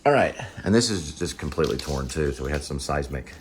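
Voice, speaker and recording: With an extremely low yet expressive voice, a man talks at a fairly quick clip in a casual vlog shot on his handheld phone indoors at his apartment. He rambles, switches topics, and cuts himself off, and the audio has a little hiss or hum.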